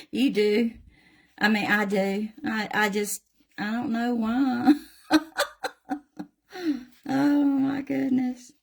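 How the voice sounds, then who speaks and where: A woman's voice: on the high side, flat delivery, very slow, vocal fry, long pauses. An older woman with a Southern US accent, casually chatting through a painting demonstration in a folksy way and addressing viewers by name. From Southern United States. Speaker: craft channel host.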